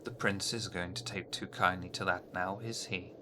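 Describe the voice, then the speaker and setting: A man voicing a mysterious, menacing woman who delivers measured, ominous warnings. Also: low-pitched, fairly even intonation, pushed and bright, slight background noise.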